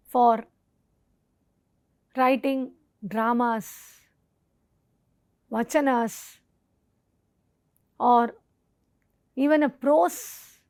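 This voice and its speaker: Woman lecturer from India, high voice, measured slow delivery, reciting Sanskrit terms, dry close mic. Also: dry recording. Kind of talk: educational lecture.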